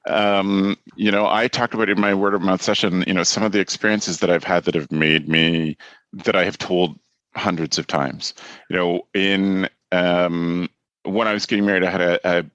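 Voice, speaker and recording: A man's voice: deep voice, fairly bright tone, dry recording. A man in his thirties hosting a podcast, chatting candidly and telling stories with a frank, mildly profane edge. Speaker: podcast host. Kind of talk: casual podcast chat.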